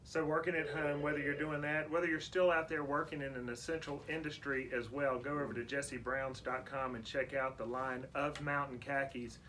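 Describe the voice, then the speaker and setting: A man's voice: mid-range voice, little pitch movement, normal speed, hardly any pauses, sharp tone, a little hiss or hum. A man with a Southern US accent hosting a casual radio interview, folksy and playful with his guest. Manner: folksy, plays quiz games with guest. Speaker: radio show host.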